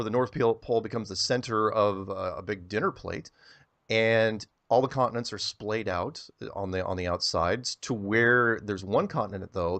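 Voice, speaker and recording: Guy with a lowish voice rambling on as an interview guest, lots of restarts, gets animated. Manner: rambling, animated, repeats words when starting sentences. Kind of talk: casual interview storytelling.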